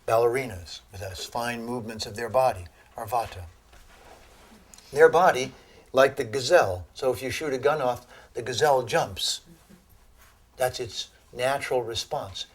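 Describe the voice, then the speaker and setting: A man giving a lecture on Ayurveda to an audience, telling animated stories and laughing at his own jokes. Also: mid-range voice, moderate pace. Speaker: Ayurveda teacher.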